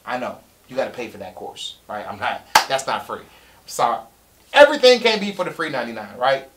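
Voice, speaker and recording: A middle-aged man, coaching on a live stream, excitable, repeating key points for emphasis. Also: medium pitch, fairly quick, a little hiss or hum. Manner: breaks into loud shouting impressions. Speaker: real estate coach. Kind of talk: live-stream sales pitch.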